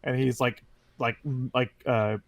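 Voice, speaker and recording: A man's voice: medium pitch, flat delivery, a little slow, vocal fry, dry recording. A man hosting a casual gaming podcast, telling stories animatedly and laughing often. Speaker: podcast host. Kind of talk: casual chat.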